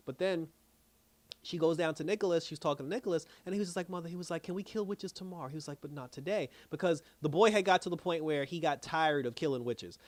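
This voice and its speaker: A man casually recapping a TV episode as a reviewer, rambling with many fillers and quoting characters in quick put-on voices. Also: a little high, darkish tone, dry recording.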